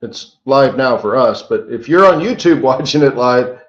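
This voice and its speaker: A man's voice: mid-range voice, lively intonation, roomy sound, highs cut off. Chatty tired man hosting a trading stream. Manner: chatty and rambling, with quick rote disclaimers. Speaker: forex market strategist hosting a live trading stream. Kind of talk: casual live-stream teaching talk.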